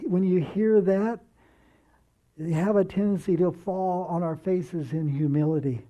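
A man preaching a sermon in a slow, earnest way, dropping soft and low when he quotes. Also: dull audio.

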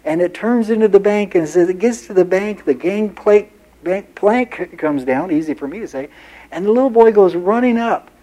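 A pastor delivers a sermon in a mellow, warm, high-pitched voice, animated and at a moderate pace. He builds his points by repeating phrases and stacking them in earnest runs, then moves into homespun stories.

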